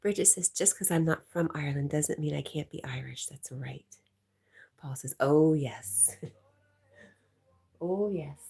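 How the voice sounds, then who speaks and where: A woman hosts a casual livestream, chatting, reading viewer comments aloud, and laughing often. Her voice sits low with vocal fry and a darkish, slightly rough tone, and she speaks at a normal speed.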